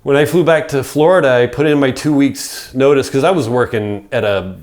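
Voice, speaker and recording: A man's voice: mid-range voice, brisk, darkish tone. Middle-aged male podcast guest, casual storyteller, mid voice, rambling and profane. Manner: rambling, peppered with "like" and swearing.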